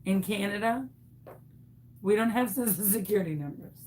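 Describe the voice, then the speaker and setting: A woman voicing a curt phone clerk who answers in a lower, flatter voice than her own and speaks firmly and matter-of-factly. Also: normal speed, slight background noise, close to an everyday voice.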